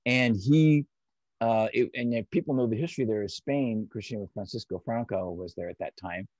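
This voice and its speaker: A man's voice: on the low side, normal speed, a little mellow, no room sound. A man speaking as an interview guest, explaining ideas patiently and step by step in a conversational way. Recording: dry, slightly dull audio.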